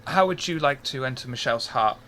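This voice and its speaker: A man's voice: mid-range voice, lively intonation, quick pace, pushed and bright, slight background noise. A man running a tabletop game as game master, narrating playfully and full of double meanings.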